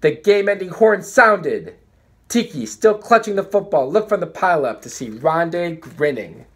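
Husky man reading a storybook aloud. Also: on the high side, unhurried. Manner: animated, dramatic pacing. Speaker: storybook reader. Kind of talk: reading a children's book aloud.

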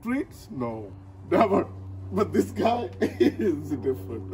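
A man's voice: high voice, big pitch swings, drawn-out words, background noise. A man at home talking casually to his dog and the camera, coaxing and repeating himself, laughing often, with non-native grammar. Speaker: dog owner vlogger.

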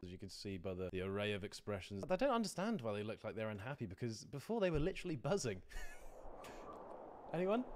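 A man's voice: on the low side, very animated, fairly quick, a little hiss or hum. A man streaming a reaction to his own stand-up performance, talking casually, self-deprecating and laughing often.

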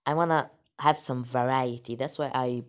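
A woman's voice: very deep voice, fairly even intonation, moderate pace. A woman hosting her channel, chatting casually and reacting as she reads text stories. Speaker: channel host. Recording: dull lo-fi audio.

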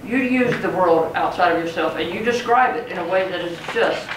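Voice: mid-range voice, brisk, a bit bright. A poetry teacher giving a conversational classroom lecture, often checking in with the students. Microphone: far from speaker. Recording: roomy classroom, mic far off, faint noise.

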